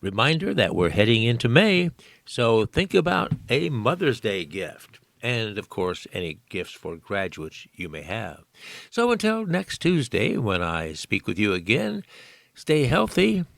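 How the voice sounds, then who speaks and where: A man's voice: mid-range voice, big pitch swings, unhurried, gravelly, a bit bright, no room sound. A man, a volunteer reader in a studio, reading news articles aloud with folksy asides of his own. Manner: folksy, aside-prone, amused.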